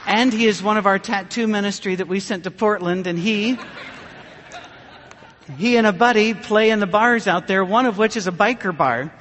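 A man with a high-pitched voice preaches in an earnest, conversational storytelling way, pausing as the story turns emotional. His voice trails off into the long reverb of a church sanctuary. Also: a bit bright, a faint crowd, slight background noise. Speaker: pastor. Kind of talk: sermon storytelling.

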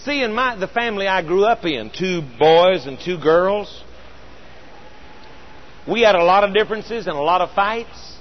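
A middle-aged man preaching a sermon, earnest and storytelling, slowing down with emphatic pauses. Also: high-pitched, expressive, muffled recording, slight background noise.

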